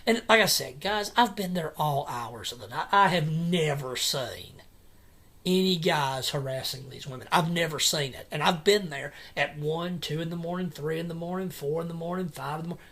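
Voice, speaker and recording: A man in an angry personal vlog rant at home at night, agitated and repetitive, with halting restarts. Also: fairly high pitch, fairly bright tone. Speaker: vlogger.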